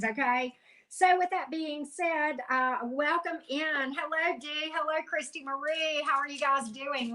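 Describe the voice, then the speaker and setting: A woman's voice: sits high, bright, forceful tone. A woman hosting a live tarot reading, chatting casually, greeting viewers by name and exclaiming at the cards.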